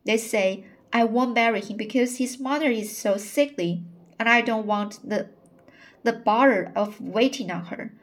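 A woman's voice: on the high side, a little slow. A woman reading the part of a tearful forty-year-old spinster woman, plainspoken and aggrieved as she pours out her complaints.

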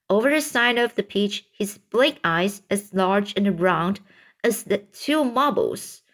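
A woman reading a children's book aloud, stumbling and restarting on words, lifting her voice for the characters' shouts. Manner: slow, halting read-aloud with stumbles and restarts; raises pitch for characters' shouted lines. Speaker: reader.

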